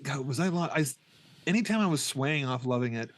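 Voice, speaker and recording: A middle-aged man talks quickly through a film's plot on a podcast, stumbling over restarts and slipping into the characters' lines. His pitch sits at an ordinary middle height. The talk is loose, casual chat between co-hosts. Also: expressive. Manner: rambling, restarts often, acts out scenes. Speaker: podcast co-host. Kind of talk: casual film review chat.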